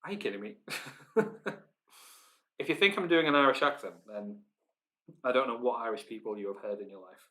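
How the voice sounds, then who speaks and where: A man's voice: mid-range voice, a little fast, long pauses, pushed and bright. A man with a Yorkshire accent hosting a live online pub quiz, chatty, reading out team names and laughing often. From Yorkshire, England. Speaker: quiz host.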